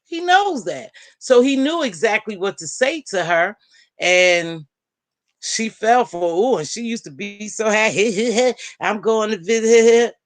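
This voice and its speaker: A woman hosting a casual live-stream panel, chatting and gossiping in an animated way and calling out friends by name. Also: medium pitch, slow, no room sound. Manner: animated, talks straight to viewers and friends by name. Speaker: panel host.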